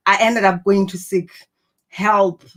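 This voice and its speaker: A woman's voice: medium pitch, fairly even intonation, slow, a bit bright. A woman giving an earnest, encouraging motivational talk to camera, reflecting on personality and purpose. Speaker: personal growth speaker.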